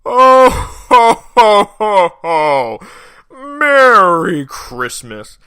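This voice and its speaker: A man voicing a jolly, old Santa Claus with a loud, hearty laugh. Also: high voice, big pitch swings, drawn-out words, clear, resonant tone, dry recording, studio quality, pitched above the performer's own voice, heavily acted.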